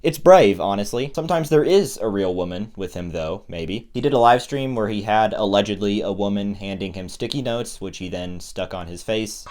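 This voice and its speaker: A man's voice: fairly low pitch, expressive, normal speed, hardly any pauses, a little mellow. A man narrating a commentary video in a sarcastic, mocking way. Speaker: commentary YouTuber.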